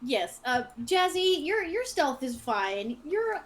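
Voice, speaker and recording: Woman, dungeon master, fairly high voice, chatty, laughing, online tabletop game. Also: sing-song, takes it slowly, low-quality recording. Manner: chatty, laughs often, restarts phrases.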